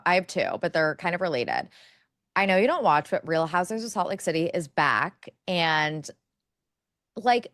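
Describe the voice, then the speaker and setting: Young woman, podcast co-host, rambling casual chat, slightly low voice, very dry close sound. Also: fairly bright tone, dry recording. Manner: chatty, rambling, lots of fillers.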